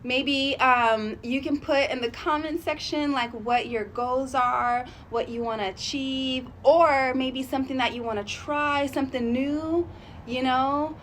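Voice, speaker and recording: A woman vlogging in a chatty, rambling way, thinking out loud about her goals and sharing that she is emotional and sensitive. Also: high voice, fairly even intonation, unhurried, a little hiss or hum. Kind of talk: casual motivational vlog talk.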